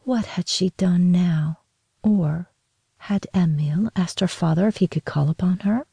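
A woman narrating a story in a steady, measured reading voice. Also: on the low side, gravelly, breathy edge, no room sound.

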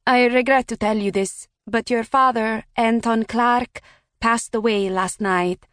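A woman's voice: on the high side, steady tone, unhurried, no room sound, clean studio sound, voice pushed up, natural voice. A woman putting on a polite Italian caller. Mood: polite, apologetic. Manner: formal, apologetic, careful.

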